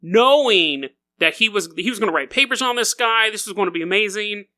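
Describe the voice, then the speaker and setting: A man hosts a comedy podcast and spins goofy stories, laughing as he goes. His voice is high and very bright. His pitch swoops around with a lot of energy. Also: brisk. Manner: goofy and animated, laughing as he talks. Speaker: podcast host. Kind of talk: comedic storytelling monologue.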